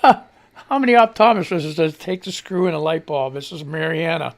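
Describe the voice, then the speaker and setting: A man's voice: on the high side, normal speed. Rambling, laughing man hosting a radio show. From Missouri. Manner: rambling, laughs often, swears casually. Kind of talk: casual live-stream chat reading social media posts.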